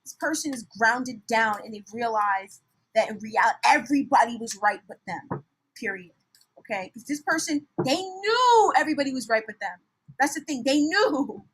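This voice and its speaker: A young woman talks through a tarot reading in a loose, animated way. Her voice sits high, dropping to near mutters and then bursting out loud, with frequent laughs and blunt language. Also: normal speed, breathy edge, low-quality recording. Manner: animated, swings from soft mutters to shouts, laughs often, swears. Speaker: tarot reader. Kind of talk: casual tarot reading monologue.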